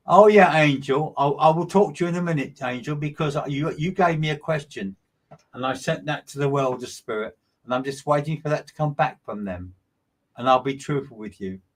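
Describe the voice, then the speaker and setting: Gushing rambling man medium. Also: mid-range voice. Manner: chatty, rambling, with stumbles and restarts; gushing, affectionate delivery. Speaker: medium giving live readings. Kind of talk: livestreamed psychic reading.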